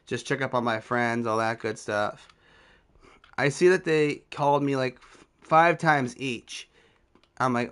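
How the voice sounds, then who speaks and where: A man's voice: medium pitch, unhurried, a bit bright, clear, resonant tone. A young man telling a personal story in a casual storytime vlog, talking loosely with slang and swearing. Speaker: vlogger.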